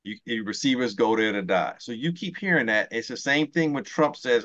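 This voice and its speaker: A man's voice: fairly low pitch, lively intonation, brisk, few pauses, a bit bright, dull audio. A man co-hosting a podcast, talking football in a heated, ranting way and swearing often. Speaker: podcast co-host. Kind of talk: casual sports talk.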